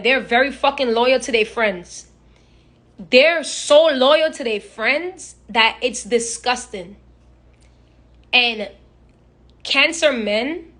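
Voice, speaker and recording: A woman's voice: on the high side, slow, long pauses, fairly bright tone. A young woman chatting casually and animatedly on a phone live stream, telling profane stories and imitating other people. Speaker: social media personality.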